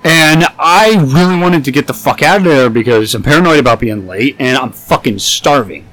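A man casually telling a long, profane story to friends, rambling and animated, sounding intoxicated. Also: mid-range voice, moderate pace, no room sound, poor audio. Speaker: podcast host.

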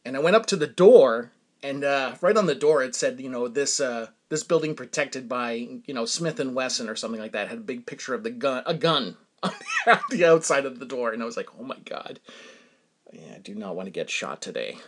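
A man's voice: medium pitch, very animated, brisk. A man with a New England accent, hosting a podcast and telling a rambling, self-amused story, often chuckling and dropping to a mutter for asides. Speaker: podcast host. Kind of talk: casual storytelling monologue.

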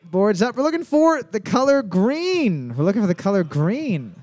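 A man's voice: sits high, very animated, moderate pace, darkish tone. A man hosting a bar trivia night, reading out questions and cracking crude jokes between them. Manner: joking, crude asides. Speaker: trivia host.

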